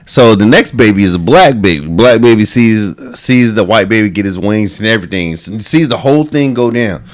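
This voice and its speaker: A man in casual podcast banter, teasing and blunt, throwing in quick asides while telling a joke. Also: lowish voice, expressive. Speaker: podcast co-host.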